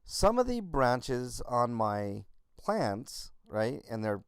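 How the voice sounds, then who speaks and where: A man's voice: mid-range voice, very animated, slow pace, clean tone, dry recording, clean studio sound. A man co-hosting a podcast, rambling through a casual story with a lot of swearing. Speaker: podcast co-host. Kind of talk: casual profane chat.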